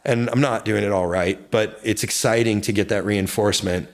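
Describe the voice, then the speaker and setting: Man, low-pitched, interview guest, candid, intense, excitable bursts. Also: normal speed. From United States. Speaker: guest, real estate brokerage founder.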